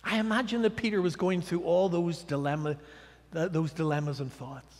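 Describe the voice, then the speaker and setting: A male guest preacher giving a dramatic sermon, swinging between loud declarations and hushed asides. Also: fairly high pitch, steady tone, moderate pace. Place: church sanctuary. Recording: church hall reverb.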